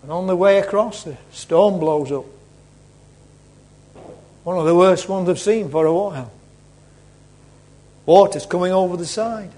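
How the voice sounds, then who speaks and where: Slow, high-voiced dramatic preacher. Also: male voice. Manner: dramatic, swings between loud and hushed. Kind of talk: sermon storytelling.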